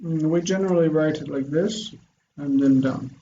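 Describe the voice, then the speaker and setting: A man gives a Biblical Hebrew grammar lesson, explaining patiently and slowing down to spell out word forms. His pitch is fairly high and his tone dark, with the highs cut off and a little hiss or hum in the recording.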